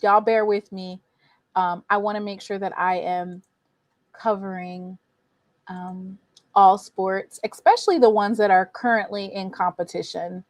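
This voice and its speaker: A woman's voice: mid-range voice, fairly even intonation, a little slow, no room sound. A woman hosting a casual sports recap stream, talking to viewers as y'all and reacting to scores with exasperation. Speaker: sports show host.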